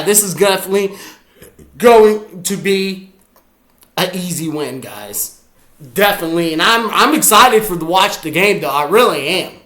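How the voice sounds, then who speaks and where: A man's voice: high-pitched, a bit bright, echoey room. A man reacting live to a football game, boastful and rambling. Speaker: sports fan vlogger.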